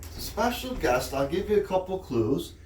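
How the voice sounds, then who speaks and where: A man hosting a children's storytime, gentle and friendly, chatting with his guest. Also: high voice, very animated, moderate pace, a little hiss or hum. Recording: roomy, distant mic with faint background.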